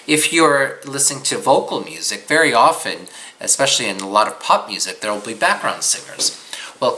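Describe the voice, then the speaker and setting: A man's voice: mid-range voice, sharp tone, low-quality recording. A man teaching an instructional course, patiently guiding listeners through listening exercises. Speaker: psychic medium teaching a course.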